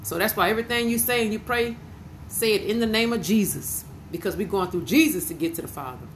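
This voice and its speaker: A woman's voice: mid-range voice, quick pace, a little hiss or hum, poor audio. A woman preaching an informal podcast sermon, fervent and emotional, repeating her praise.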